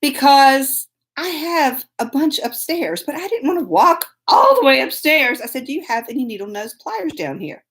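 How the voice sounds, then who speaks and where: A woman talks straight to camera, spinning a story in a loose, self-mocking drawl. Her fairly high voice swoops up and down with lots of life. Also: big pitch swings, moderate pace, fairly bright tone. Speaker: host.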